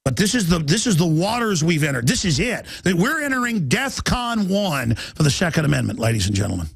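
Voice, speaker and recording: A man delivers an urgent, agitated talk radio monologue in a high-pitched voice, reading headlines aloud in rapid bursts and pushing into shouts. The recording is dry and close, with no room sound. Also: big pitch swings, vocal fry, slightly rough, dry recording. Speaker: radio host.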